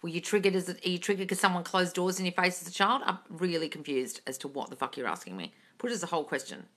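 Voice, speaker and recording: A woman's voice: fairly low pitch, animated, quick pace, a bit bright. A woman manifesting coach on a casual live stream, reading chat questions aloud and answering bluntly with a lot of swearing, with a slight British intonation.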